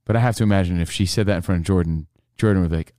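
A man's voice: low voice, rapid-fire, mellow, no echo, studio quality. A man co-hosting a podcast in casual chat, joking and acting out others' voices. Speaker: podcast co-host.

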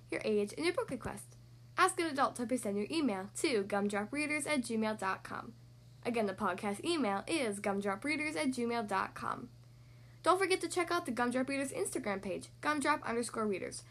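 A young woman hosting a podcast, reading a children's storybook in a friendly, expressive way. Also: on the high side.

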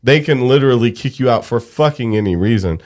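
Animated male podcast co-host. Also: mid-range voice, brisk. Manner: animated, swearing. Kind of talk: casual chat.

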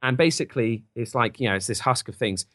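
Animated man retelling a film, bright voice. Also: mid-range voice, no echo, clean studio sound. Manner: animated storyteller, acting out scenes in quick put-on voices. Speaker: podcast host recapping a film. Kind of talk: casual chat.

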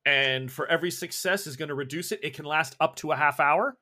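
A man with a slightly high voice runs a tabletop horror game, laying out scenes and rules as game master. He describes gory action in a loose, searching way, often restarting his sentences. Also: brisk, sharp tone.

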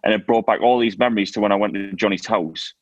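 A man co-hosting a casual chat, telling lively stories and laughing often. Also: on the low side, quick pace, no echo, highs cut off. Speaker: co-host.

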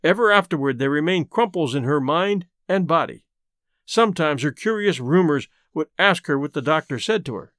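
A man who hosts a podcast, narrating a classic short story in a measured, unhurried way. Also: fairly high pitch, animated, fairly bright tone, dry recording, studio quality.

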